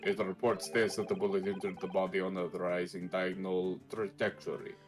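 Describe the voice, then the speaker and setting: A man reading the lines of a cold, haughty male aristocratic prosecutor in a formal, measured courtroom manner. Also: low voice, level tone, music in the background, close to an everyday voice.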